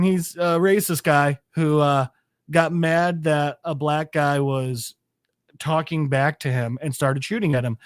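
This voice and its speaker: A man co-hosting a podcast, rambling through an episode recap with fillers and casual swearing. His voice sits a little high. The sound is dry and close, with no room echo. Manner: rambling, loose with fillers and profanity. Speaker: podcast co-host.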